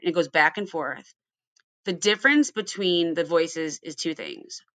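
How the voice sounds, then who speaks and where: A woman's voice: deep voice, normal speed, sharp tone, no room sound. A woman from Ohio hosting a casual recovery podcast, earnest and storytelling, often asking her guests questions. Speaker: podcast host.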